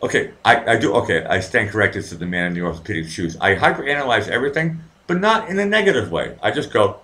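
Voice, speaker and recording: Profane, lively man rambling. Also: medium pitch, quick pace. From Boston, USA. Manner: profane, rambling storyteller with many fillers and restarts. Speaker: livestream host reading viewer comments. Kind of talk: casual live-stream chat.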